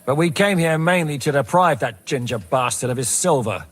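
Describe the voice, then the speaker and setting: A man's voice: a little high, expressive, normal speed, soft background music. An actor playing a decisive male mercenary captain giving orders in a game cutscene.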